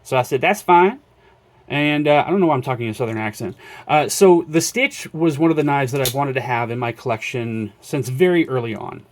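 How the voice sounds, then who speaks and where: A man's voice: medium pitch, a little fast, a little hiss or hum. A man casually showing off his collection in a vlog, rambling with many fillers and self-corrections. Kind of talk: casual show-and-tell vlog.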